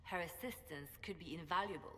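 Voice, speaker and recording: A woman's voice: lowish voice, brisk, a bit bright, natural voice. An actress playing a stern, blunt female warrior-advisor who speaks curtly and seriously. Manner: curt, serious. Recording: reverberant game audio, faint ambience.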